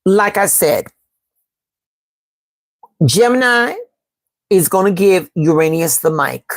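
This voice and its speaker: Her voice sits on the low side, and she talks slowly but with animation. A Chicago tarot reader and astrology host, she leads a live-stream reading, repeating herself emphatically, reading from the chat, and addressing viewers as "baby" and "y'all," in a dry recording.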